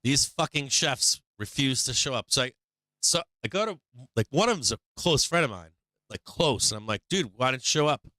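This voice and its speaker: A man's voice: mid-range voice, animated, normal speed, bright, forceful tone, dry recording. A man hosting a livestream, chatting casually in a rambling, profane way and answering his chat. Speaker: livestream host.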